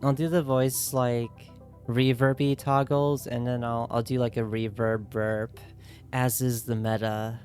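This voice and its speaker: A woman's voice: rumbling low, level tone, a little slow, darkish tone, faint music behind. A woman streaming games and chatting casually with viewers, playful and teasing, often giggling.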